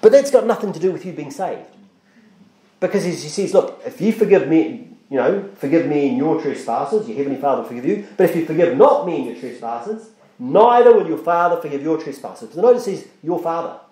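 A man's voice: fairly high pitch, lively intonation, a little fast, dark tone, reverberant. A male pastor, preaching a sermon in a conversational way, with frequent restarts and acted-out quotes. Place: church.

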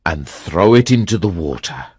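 A man voicing a wounded, dying old King Arthur, slow and deep, giving commands wearily. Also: very animated, a little mellow, slightly rough, no echo, studio quality, exaggerated voice. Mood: weary commanding.

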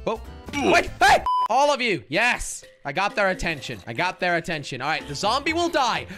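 A man hosting a gaming video, giving excitable Let's Play commentary that swings from mutters to shouts. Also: sits high, moderate pace, loud music behind the voice.

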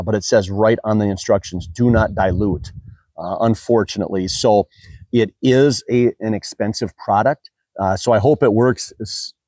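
In a lowish, slightly mellow voice captured in a dry recording, an American man rambles through a product review vlog. He's a car detailing YouTuber who chats casually and leans on frequent fillers.

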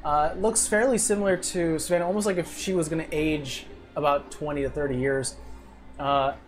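A game master narrating a tabletop fantasy game in a casual, halting way. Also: mid-range voice, steady tone.

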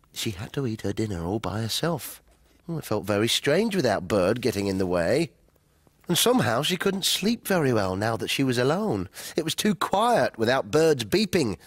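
A man playing a cheerful grown-up on a fishing trip in a children's show, reading a story aloud in a gentle, sing-song way. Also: mid-range voice, no room sound.

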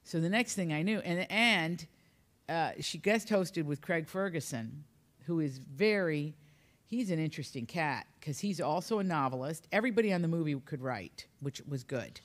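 A woman's voice: sits low, expressive, normal speed. Chatty woman author telling funny stories. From Appalachia, US. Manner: chatty, humorous, rambling anecdotes. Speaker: author guest. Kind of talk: storytelling in conversation.

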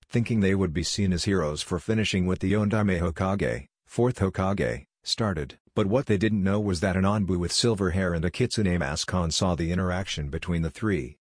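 A man narrating a fan fiction story in a steady, even read. His voice is deep and low, and the recording is dry and close with no room sound. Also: husky, dry recording. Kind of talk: reading fan fiction aloud.

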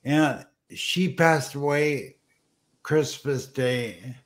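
A man hosting a casual livestream show, emotional and halting, often restarting his words. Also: medium pitch. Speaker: show host.

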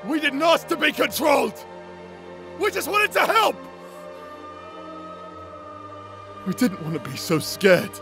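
A man voicing a tormented young man possessed by a sword, speaking in halting, broken-up bursts in an audio drama role-play with music behind. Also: mid-range voice, expressive. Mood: bitter. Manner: haunted, halting, broken-up speech.

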